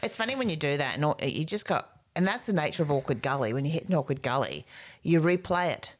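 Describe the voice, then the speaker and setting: A woman's voice: sits low, animated, fast talker. A middle-aged woman co-hosting a podcast, telling rambling anecdotes in casual chat and acting out voices. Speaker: podcast co-host.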